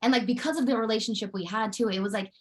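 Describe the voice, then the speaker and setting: A woman's voice: on the high side, racing, darkish tone. A woman, an actress, chatting in an interview in a loose, filler-heavy way.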